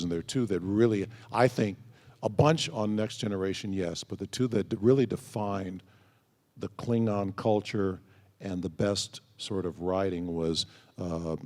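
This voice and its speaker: A man with a low, mellow voice answers fan questions as a convention panel guest. He tells anecdotes and acts out quoted dialogue, with long reverb from the large convention hall.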